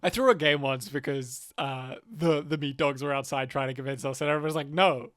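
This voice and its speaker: This podcast co-host has a mid-range, slightly bright voice and talks fairly quickly, with studio-quality sound and no room echo. He rambles casually, cursing and laughing frequently.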